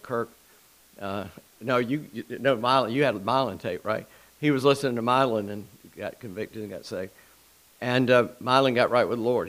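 A man's voice: medium pitch, rough recording. A man preaching an informal sermon in a small church, folksy and conversational, with asides and restarts. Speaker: pastor.

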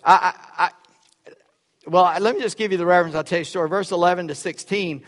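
Pastor guy preaching in a church, fairly high voice, loud one sec then hushed the next, big hall echo. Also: steady tone, fairly quick. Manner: dynamic, swings from loud emphasis to quiet asides. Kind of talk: sermon. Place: church sanctuary. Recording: echoey hall with long reverb.

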